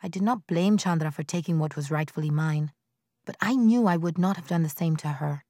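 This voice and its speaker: A woman narrating a novel in the first person, in a measured, quiet storytelling manner. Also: deep voice, no echo, clean studio sound. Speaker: audiobook narrator.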